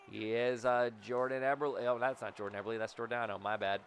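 A young man giving excitable live commentary as he plays a hockey video game, urging on his players and talking to himself. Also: on the low side, normal speed, hardly any pauses, smooth. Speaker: gaming YouTuber.

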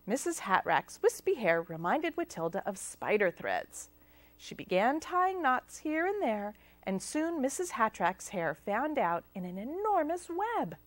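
A woman's voice: mid-range voice, big pitch swings, a little slow, no room sound. A woman telling a children's story at library storytime, reading expressively. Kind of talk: children's storytime read-aloud.

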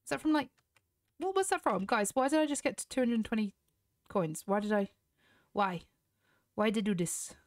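A British gaming YouTuber plays a horse game, chatting casually to her viewers, asking questions and musing aloud. Her fairly high, expressive voice has a darkish tone, normal speed and long pauses. The studio sound is clean with no room sound.

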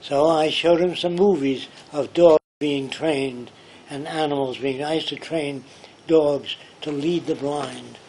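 An older man from the United States tells long, winding stories from his past, stopping to act out what others said. His voice sits a little high for a man. A faint hum of background noise runs under the talk. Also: fairly even intonation, slow, darkish tone. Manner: rambling, quotes people in his stories. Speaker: speaker. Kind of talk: anecdotal storytelling talk. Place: pub.

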